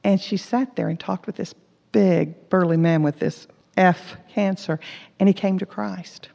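A Bible teacher preaches a sermon in an echoey hall, her voice fairly low, gravelly and dark, with fairly even intonation and a slightly slow pace. She earnestly recounts personal stories, acting out the dialogue within them. The recording sounds dull and lo-fi.

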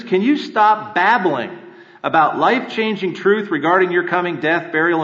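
A male pastor preaching a sermon with earnest rhetorical questions and emphatic repetition, in a church sanctuary. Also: medium pitch. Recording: echoey hall, dull lo-fi sound.

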